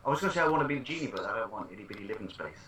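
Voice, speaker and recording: A man co-hosting a casual online chat show, making dry, quick quips. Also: fairly low pitch, animated, a bit bright, echoey room, far from the mic, a little hiss or hum. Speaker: podcast co-host.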